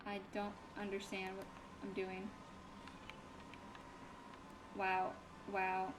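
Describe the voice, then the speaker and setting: A young woman giving casual let's-play commentary in a chatty, self-mocking way, swinging quickly between giggles and dismay. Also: mid-range voice, completely flat delivery, noisy background. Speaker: gaming YouTuber.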